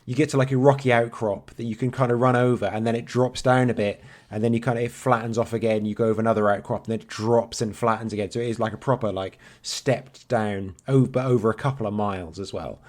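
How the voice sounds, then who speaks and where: A man's voice: medium pitch, steady tone, quick pace, few pauses, a little mellow. A man in his thirties, co-hosting a podcast in casual, rambling chat and swearing freely. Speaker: podcast co-host.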